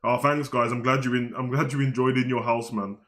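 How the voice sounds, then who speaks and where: A man's voice: mid-range voice, little pitch movement, a little fast, fairly bright tone, voice pushed down, lightly acted. A man doing a mocking, rambling take on an undead wrestler thanking his fans.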